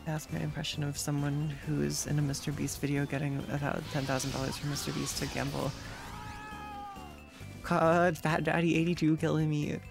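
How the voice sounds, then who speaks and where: A streamer chatting casually while playing a game, sarcastic and quick to react to chat and gameplay. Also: medium pitch, little pitch movement, gravelly, over music.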